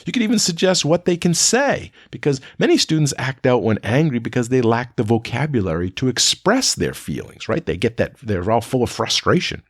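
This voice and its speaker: Animated man lecturing teachers. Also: a little fast, hardly any pauses, breathy edge, no room sound, studio quality. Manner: animated, pitch jumps when quoting students. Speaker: educator.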